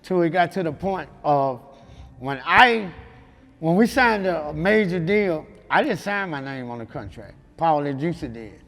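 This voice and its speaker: Speaking a little slowly in a slightly high, a bit bright voice, a Memphis rapper guest tells animated stories during a casual interview. He has a Southern accent, laughs loosely, and frequently asks "you know what I'm saying," the audio carrying a big-room sound.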